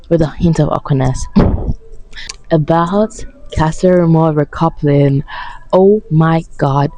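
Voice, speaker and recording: A tired woman speaks to camera in a casual rant about a reality dating show, mocking it bluntly and sarcastically with lots of swearing. Her deep voice is gravelly and warm, and the recording quality is low.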